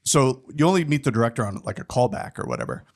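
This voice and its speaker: Podcast guest, man, mid pitch, lively storyteller, does the voices. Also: fast. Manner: animated, acts out quoted people. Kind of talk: casual storytelling chat.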